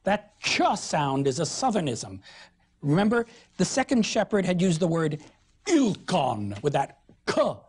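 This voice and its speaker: A woman lecturing on literature in an animated, expressive way, with emphatic stresses. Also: deep voice, measured pace, slightly rough. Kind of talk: recorded lecture.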